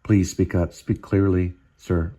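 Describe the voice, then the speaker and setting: A man voicing a calm man who comforts the injured, soothing and pleading. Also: sits low, measured pace.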